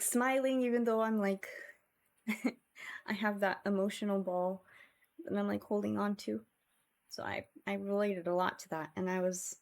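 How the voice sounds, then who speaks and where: A woman's voice: medium pitch, creaky, darkish tone. A woman streamer chatting with her viewers in a casual, emotional and reflective way, often sighing.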